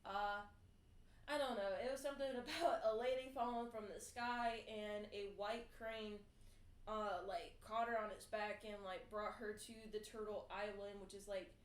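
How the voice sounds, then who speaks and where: A woman's voice: mid-range voice, steady tone, moderate pace. A woman co-hosting a casual podcast, reading out fun facts with lots of fillers and laughter. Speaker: podcast co-host. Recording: echoey room with faint noise.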